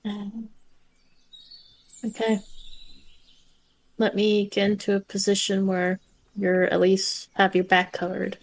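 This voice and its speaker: A woman's voice: medium pitch, completely flat delivery, slow pace, pauses often. Casual woman player at a game table. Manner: casual, hesitant fillers.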